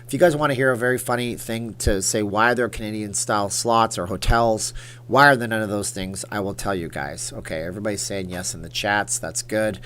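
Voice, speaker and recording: A man's voice: fairly low pitch, steady tone, a little fast, fairly bright tone, smooth. A man hosting a casual livestream and chatting with viewers, teasing them about a funny story. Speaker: livestream host.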